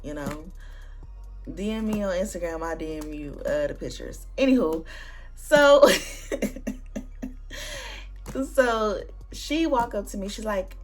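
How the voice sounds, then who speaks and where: A woman's voice: mid-range voice, slow, pauses often, soft background music. A young woman hosting her own vlog and telling a story in casual, slangy chat. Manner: animated, slangy, conversational storytelling. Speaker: booktuber vlog host.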